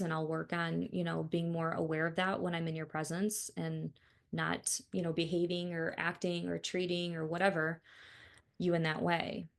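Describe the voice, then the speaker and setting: A woman's voice: fairly low pitch, level tone, measured pace, vocal fry. A woman co-hosting a podcast who talks with clients as a counselor, giving blunt, opinionated views in casual chat.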